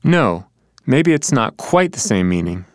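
A man plays the answering partner in a scripted lesson dialogue, working through examples one by one. His pitch moves in an animated, wide range. The sound is close and dry, with no room around it. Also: unhurried, no echo. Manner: explaining examples in reply. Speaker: co-presenter.

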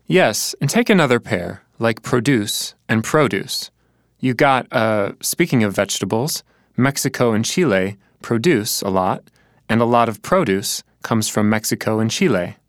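A man speaking slowly and thoughtfully in a scripted teaching dialogue, pronouncing words with care. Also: lowish voice, expressive, dry recording, studio quality. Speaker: language learner in a dialogue.

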